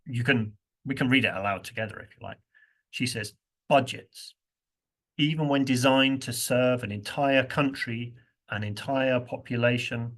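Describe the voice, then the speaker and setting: Male workshop trainer, medium pitch, leads stress drills on a video call. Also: fairly bright tone. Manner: rhythmic, repeats drill phrases with strong stress. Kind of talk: online pronunciation workshop teaching.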